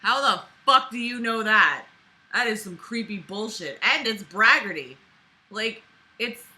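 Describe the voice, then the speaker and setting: A woman's voice: fairly high pitch, lively intonation, a little slow, bright, forceful tone, poor audio. A woman reading a novel aloud and breaking off with sarcastic, profane, exasperated commentary. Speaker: book reader and commentator.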